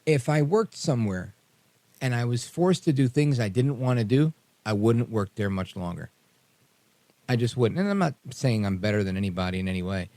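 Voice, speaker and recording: A man's voice: mid-range voice, expressive, normal speed, warm tone, no room sound. A man hosting a political talk radio show, speaking emphatically in a rambling, slangy way.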